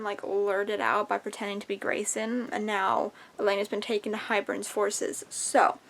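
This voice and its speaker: A young woman chatting in a casual reading vlog at home, excitable and chatty, swearing casually. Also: on the high side. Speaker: book vlogger. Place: at home, indoors.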